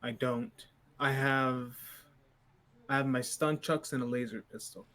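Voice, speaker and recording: A man playing a tabletop game as a player, speaking in a measured, deliberate way. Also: medium pitch, steady tone, bright, forceful tone. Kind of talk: tabletop role-play.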